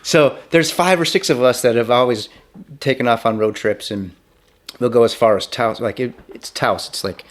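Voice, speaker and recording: A man's voice: medium pitch, moderate pace. A man in casual podcast chat, telling stories animatedly and acting out quotes. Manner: animated storyteller who acts out quotes.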